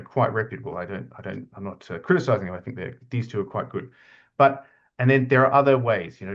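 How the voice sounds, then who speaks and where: Male academic, middle-aged, casual webinar delivery, mid pitch, slightly dull call audio. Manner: chatty, many fillers and restarts. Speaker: university academic lead presenting a webinar. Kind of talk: informal slide presentation.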